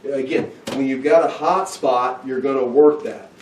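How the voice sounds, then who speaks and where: A man's voice: mid-range voice, moderate pace, darkish tone, slight background noise. Man teaching scripture in an echoey room. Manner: conversational, pointing listeners to verses. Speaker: Bible teacher. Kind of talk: informal verse-by-verse Bible teaching. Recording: roomy echo, mic at a distance.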